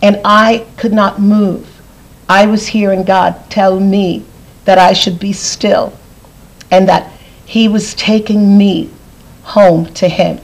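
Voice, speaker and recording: A woman's voice: medium pitch, fairly even intonation, slow pace, low-quality recording. Earnest woman telling a personal testimony. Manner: earnest, repeats phrases for emphasis. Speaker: guest.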